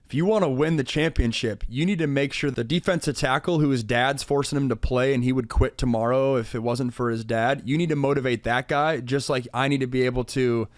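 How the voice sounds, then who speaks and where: A man's voice: mid-range voice, steady tone, a little fast, hardly any pauses, dry recording, studio quality. A young adult man co-hosting a podcast with his wife, laid-back and joking, talking in long rambling runs. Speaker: podcast co-host. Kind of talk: casual couple chat.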